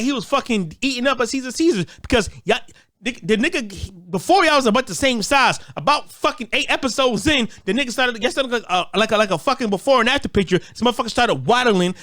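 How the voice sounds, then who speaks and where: A man rants in a high, fired-up voice, swearing freely and tripping over repeated words as he restarts his thoughts. The sound is dry and close, with no room around it. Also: a bit bright, dry recording. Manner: repetitive stammering restarts, heated. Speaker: commentator. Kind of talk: profane ranting commentary.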